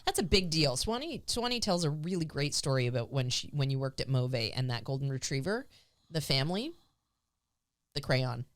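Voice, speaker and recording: Woman, low voice, podcast host, prompting questions, conversational. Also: sing-song, moderate pace. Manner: guiding questions, encouraging interjections.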